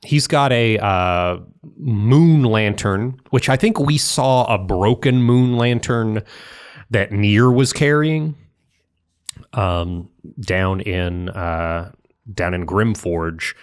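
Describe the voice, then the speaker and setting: A man's voice: on the low side, takes it slowly, clear, resonant tone. A man co-hosting a podcast in casual chat, explaining game mechanics step by step. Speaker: podcast co-host.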